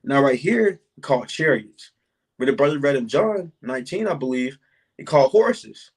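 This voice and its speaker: A man in an informal bible study who reads verses aloud slowly and deliberately, then explains them in casual talk. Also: medium pitch, expressive, husky, rough recording.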